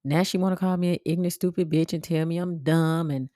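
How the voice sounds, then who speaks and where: A woman, telling personal stories as a podcast host in a blunt, animated way, swearing freely and jumping into sharp high exclamations. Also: fast talker, few pauses, dry recording, clean studio sound. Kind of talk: casual storytelling monologue.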